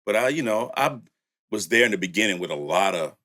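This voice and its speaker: An older man with a low voice spins a laid-back story about his studio days. He laughs often, leans on "you know," and talks like an old friend. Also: expressive, brisk, pushed and bright. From Louisiana and San Francisco. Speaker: music producer and studio owner. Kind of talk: storytelling in casual conversation.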